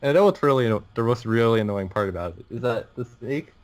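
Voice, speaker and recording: A man's voice: medium pitch, lively intonation, quick pace, a little mellow. A teenage boy on a podcast telling a long rambling story, laughing through it and restarting his sentences. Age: teens. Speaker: podcast co-host. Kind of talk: casual storytelling chat.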